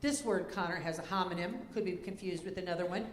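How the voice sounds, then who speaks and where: A woman serving as a spelling bee pronouncer, reading words and definitions deliberately, spelling letters out slowly, and giving stage directions to contestants. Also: fairly low pitch. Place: school auditorium. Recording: echoey auditorium with faint noise.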